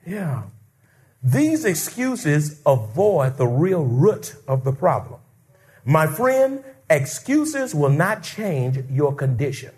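A male pastor preaching a sermon, animated and conversational, acting out quotes and calling out to the congregation. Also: on the high side, slow. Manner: animated, call-and-response preaching with acted-out quotes.

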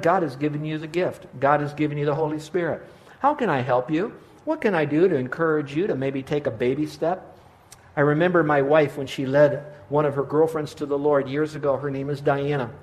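A middle-aged man preaching a sermon as pastor, earnest and gently encouraging. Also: on the high side.

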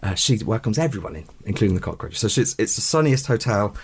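A man's voice: on the low side, sing-song, fast, breathy edge. A man being interviewed as a guest author, explaining his ideas in rambling, self-correcting sentences. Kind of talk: radio interview.

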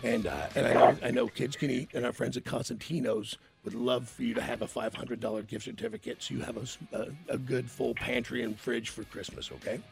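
A man hosting a radio call-in, calmly reassuring a caller and talking through what will be paid for. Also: mid-range voice, fairly quick, creaky, hardly any pauses, over music. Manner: reassuring, steady. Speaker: radio host. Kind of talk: on-air call with listeners.

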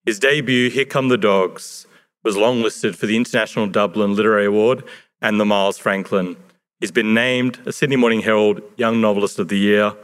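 A man hosting a live event, reading a measured introduction of the next performer. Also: on the low side. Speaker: event host.

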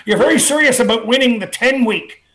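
Guy hosting a radio call-in show, kinda high voice, lots of uhs. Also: bright, forceful tone. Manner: chatty, repeats numbers slowly, frequent uh fillers. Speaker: radio talk show host and dog trainer. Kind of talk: casual radio talk and promotion.

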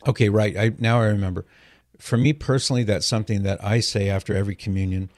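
A man with a fairly low voice hosts a call-in radio show from a studio microphone. He explains things patiently and earnestly. The sound is dry and close. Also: steady tone, quick pace, no room sound.

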